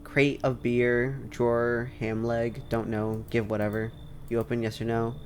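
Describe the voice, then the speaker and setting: A man's voice: medium pitch, flat delivery, unhurried, slight background noise, close to an everyday voice. A man voicing a pushy, blunt dancer who speaks in clipped, broken phrases. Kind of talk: reading game dialogue aloud.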